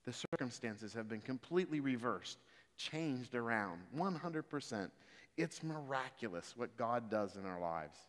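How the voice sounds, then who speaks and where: A man preaching a sermon, moving from calm explanation of scripture to loud, emphatic exhortation. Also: medium pitch, a little slow. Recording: reverberant hall.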